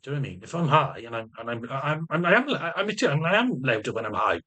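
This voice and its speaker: A man's voice: mid-range voice, sing-song, quick pace, sharp tone. A man vlogging in an unscripted, rambling, sweary way, repeating himself as he talks through his frustrations. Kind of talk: unscripted personal vlog.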